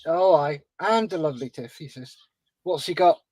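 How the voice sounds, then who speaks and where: A man co-hosts a relaxed livestream, cheerfully reading out viewer comments. His voice sits a bit high for a man. It sounds dry and close, with no room echo. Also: normal speed. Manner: cheerful, reads chat comments aloud with laughs. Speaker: co-host reading live chat. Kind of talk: casual livestream chat.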